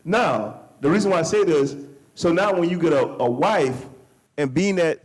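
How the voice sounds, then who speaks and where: A man hosting a men's group discussion, speaking. His voice sits a little high. He talks emphatically, repeats phrases and lets his pitch leap when he gets excited. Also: normal speed, low-quality recording. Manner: emphatic, repeats himself, lively pitch swings. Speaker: host.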